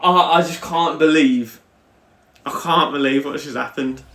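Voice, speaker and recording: A young man hosting a video game let's-play, excitable and given to loud celebratory shouts. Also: a little high, a little slow, vocal fry, roomy sound. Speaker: gaming channel host. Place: home room.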